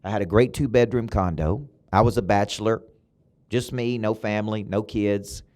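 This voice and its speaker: A middle-aged Southern man with a fairly low voice drives a motivational talk in a punchy, preacher-like rhythm. He hammers points home, then leaps to sudden loud peaks. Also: steady tone, moderate pace. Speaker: motivational coach and podcast host. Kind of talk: motivational podcast monologue. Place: his own podcast studio building.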